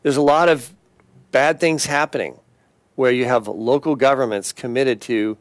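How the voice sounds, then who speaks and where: A man's voice: medium pitch, steady tone, moderate pace, no room sound. A man speaking as an interview guest, earnest and listing his points steadily. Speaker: guest, attorney organization leader. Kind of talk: casual interview chat.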